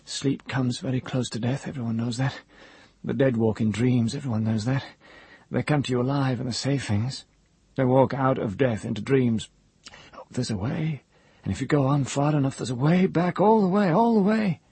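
A man voicing a broken former wizard, a maimed man who speaks in a soft, hoarse voice in halting, stammering bursts. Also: mid-range voice, dry recording, pitched above the performer's own voice. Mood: feverish.

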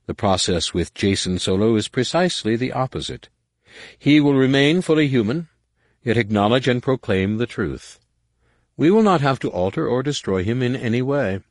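Man doing a smooth sly alien courtier, ingratiating, raised pitch, dry close sound. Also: animated, normal speed, dry recording, natural voice.

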